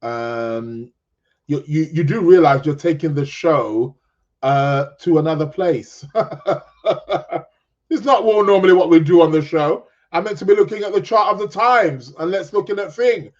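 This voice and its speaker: On an astrology podcast, the male host reads viewer comments and chats casually, rambling and joking and cutting himself off. His pitch is fairly high and his pace unhurried, with the recording's highs cut off.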